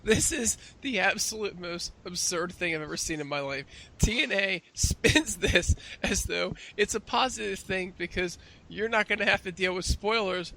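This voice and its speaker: A man's voice: high-pitched, moderate pace, creaky, pushed and bright. A man co-hosting a casual podcast, sarcastic and often laughing. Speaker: podcast co-host. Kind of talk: casual wrestling talk.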